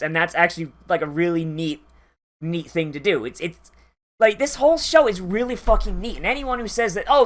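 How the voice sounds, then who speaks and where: A rambling anime reviewer who talks through a reaction in a loose, casual way. The speech swears often and keeps stopping and restarting its sentences, sitting at a middling pitch. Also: fairly bright tone. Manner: rambling and profane, full of fillers and restarts.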